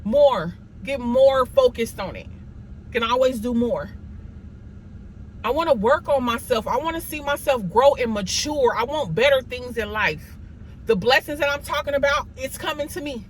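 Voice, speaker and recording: Emphatic high-voiced woman scolding herself. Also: animated, moderate pace, a little hiss or hum, low-quality recording. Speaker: motivational vlogger. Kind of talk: motivational self-talk monologue.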